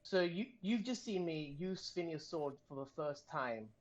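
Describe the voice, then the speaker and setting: A tabletop game player chatting casually, halting with many fillers. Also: medium pitch, lively intonation, dull audio.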